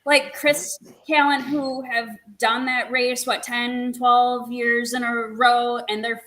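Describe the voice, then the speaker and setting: A woman guest telling a racing story in an animated, laughing, quick way. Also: fairly high pitch, a little hiss or hum, low-quality recording. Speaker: guest, motorcycle racer. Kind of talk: casual storytelling chat.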